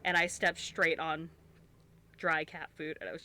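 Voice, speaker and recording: A woman's voice: deep voice, flat delivery, unhurried, sharp tone. A young woman streamer, congested and sniffling, chatting casually and rambling while she crochets, swearing freely and restarting her sentences.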